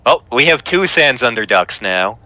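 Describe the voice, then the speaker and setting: Lively, bright-voiced man joking around. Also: medium pitch. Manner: animated, joking, quick self-interruptions. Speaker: co-host playing a game. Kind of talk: casual chat while gaming.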